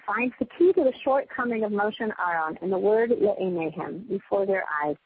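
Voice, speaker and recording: A woman giving a casual, animated Torah class, with chatty, self-deprecating asides. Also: mid-range voice, normal speed. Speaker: Torah teacher. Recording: tinny phone-line sound with faint noise.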